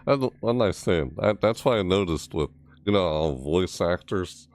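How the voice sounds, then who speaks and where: Male streamer with an extremely deep, throaty voice, rambling and self-interrupting as he chats. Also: lively intonation, normal speed, a little mellow. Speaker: streamer reacting to game news. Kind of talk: casual live-stream chat.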